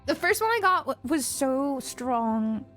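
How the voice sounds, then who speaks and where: A young woman streamer telling stories in an animated, giggly way, swearing often. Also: sits high, a little slow, faint music behind. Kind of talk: casual chat.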